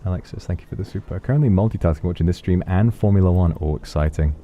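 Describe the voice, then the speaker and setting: A man streaming, chatting softly and affectionately as he reads viewer donations. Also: low voice, quick pace, lo-fi sound, slight background noise. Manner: soft, affectionate, musing. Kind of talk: casual chat reading donations.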